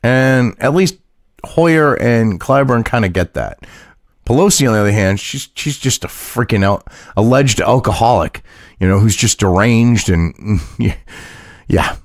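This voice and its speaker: A man's voice: medium pitch, a little slow, no echo, studio quality. A man hosting casual political commentary, mocking and profane, reading news aloud and reacting to it. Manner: mocking, profane, laughs at his own jokes.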